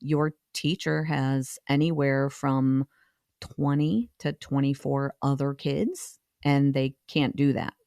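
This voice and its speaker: Calm middle-aged woman, dry close sound. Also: very deep voice, takes it slowly, gravelly, dry recording. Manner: calm, practical advice-giving. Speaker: teacher and podcast guest. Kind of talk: casual conversation.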